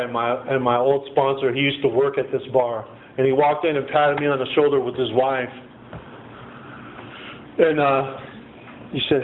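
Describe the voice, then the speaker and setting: A man tells his recovery story in a loose, rambling way, peppering it with "man" and "you know". His voice sits at an ordinary pitch. The audio is thin and phone-like, with a faint hiss underneath.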